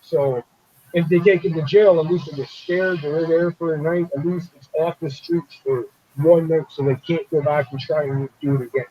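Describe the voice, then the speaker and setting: A man's voice: a little high, steady tone, normal speed, highs cut off. A man hosting a casual live-stream chat over a video call, talking bluntly, swearing and acting out the people he quotes. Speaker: show host.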